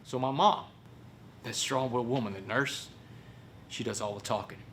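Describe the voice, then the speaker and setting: This man, a Port Arthur, Texas motivational speaker, recounts a personal story to a crowd with drama, voicing the other people in it. He talks at normal speed in a mid-range, slightly bright voice, with a little background noise behind him.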